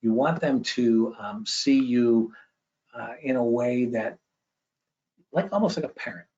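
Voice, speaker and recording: A man giving an educational presentation with slides, conversational and often checking in with a quick "okay?". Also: mid-range voice, a little mellow. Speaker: education speaker. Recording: dull lo-fi recording.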